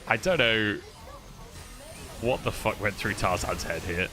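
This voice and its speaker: A man with a British accent casting a live esports match on a casual co-stream, excitable and swearing freely. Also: lowish voice, measured pace, music in the background. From United Kingdom. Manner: excitable, swears freely, laughs between plays. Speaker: esports caster.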